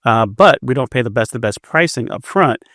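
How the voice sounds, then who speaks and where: A man's voice: mid-range voice, lively intonation, a little fast, a bit bright, dry recording, clean studio sound. A man in his fifties, a business guest telling stories in a casual interview, often repeating words as he starts a sentence. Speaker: entrepreneur guest.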